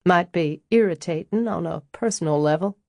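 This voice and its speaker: A woman reads a poised older Southern woman in a storybook audiobook, with a low and dry voice. She is blunt and wryly amused, and she never hurries to soften her words. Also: moderate pace, gravelly, no room sound. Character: frank, wry, elegant older Southern woman estate owner.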